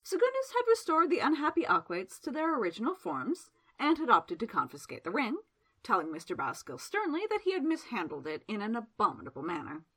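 Lively female storyteller for audiobook; bright, slightly breathy tone. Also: fairly high pitch, fairly quick. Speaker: narrator. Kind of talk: audiobook narration.

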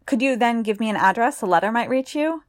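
Woman voicing a shy gentleman magician, polite, hesitant, storybook reading. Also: a little high, lively intonation, fast, voice pushed up, close to an everyday voice. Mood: anxious.

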